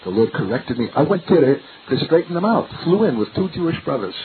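A man's voice: on the high side, big pitch swings, quick pace. An older man preaching a sermon in an earnest, searching way, full of rhetorical questions. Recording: tinny lo-fi recording with faint hiss.

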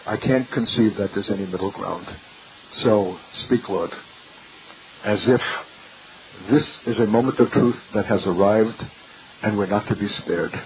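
A man's voice: fairly low pitch, a little slow, long pauses. An older man preaching a sermon in an earnest, searching way, full of rhetorical questions. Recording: tinny lo-fi recording with faint hiss.

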